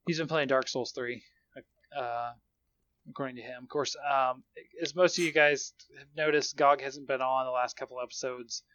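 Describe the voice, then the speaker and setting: A man's voice: mid-range voice, fairly even intonation, normal speed, fairly bright tone. Guy rambling through stories on a podcast, laughs a lot, kinda dull lo-fi audio. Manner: chatty storytelling, laughs often. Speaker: podcast co-host. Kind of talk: casual chat.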